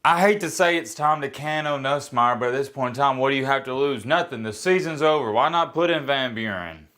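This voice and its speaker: A man's voice: medium pitch, brisk, bright, forceful tone. A man giving a casual, opinionated reaction to a college football game, blunt and self-mocking, often rambling and restarting his sentences. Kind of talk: casual sports reaction rant.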